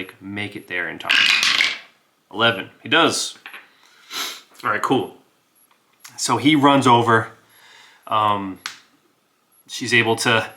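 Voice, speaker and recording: Casting: relaxed solo-game narrator, male, unhurried and easygoing. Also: fairly low pitch. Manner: relaxed, laughs, talks to himself about rolls. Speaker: game master and player.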